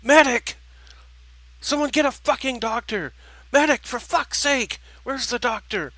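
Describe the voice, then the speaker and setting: A man playing a commanding male space fleet general who shouts orders in a raised, strained voice. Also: sits high, a little slow, no echo, voice pushed up, low-quality recording. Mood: frantic.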